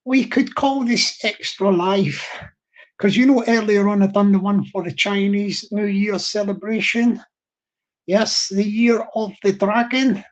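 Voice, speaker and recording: A live stream host with a Scottish accent chats casually and playfully with viewers, rambling through effusive shout-outs and chuckling often. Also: mid-range voice, lo-fi sound. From Scotland.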